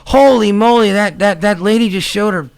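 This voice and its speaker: A man co-hosting a small local radio show, chatting and joking excitedly, laughing often. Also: sits high, normal speed. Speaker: radio co-host. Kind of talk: casual radio banter.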